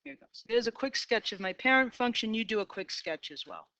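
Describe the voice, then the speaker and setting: A woman's voice: a little high, expressive, quick pace, sharp tone, dry recording. Upbeat Boston woman teaching math. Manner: upbeat, talks to herself while sketching graphs. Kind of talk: classroom lecture. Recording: dull lo-fi, dry.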